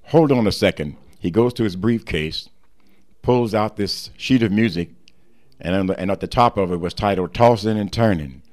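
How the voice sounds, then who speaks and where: A man's voice: on the low side, normal speed, darkish tone. An older man telling the story behind his song on the radio, acting out the voices of the people in it.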